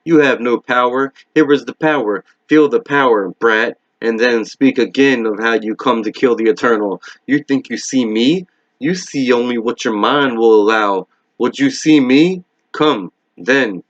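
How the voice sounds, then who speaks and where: A man's voice: medium pitch, a little slow, dry recording, natural voice. A man reading aloud as an ancient evil monster, mocking and commanding, in a dull lo-fi recording. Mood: taunting.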